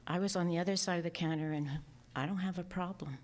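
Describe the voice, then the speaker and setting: A low-voiced woman gives a heartfelt remembrance at a memorial. She speaks softly and with emotion, often sinking to a near whisper. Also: steady tone, fast. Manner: soft and emotional, partly whispered. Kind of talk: personal remembrance speech.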